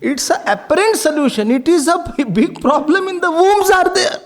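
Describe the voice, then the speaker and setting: An Indian man speaks as a swami in a devotional talk, high-pitched and swinging widely in tone. A gravelly fry runs under his words, and he breaks into laughter as he tells jokes. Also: normal speed. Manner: animated, laughs often, tells jokes, mixes in Hindi words. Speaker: swami giving a spiritual talk.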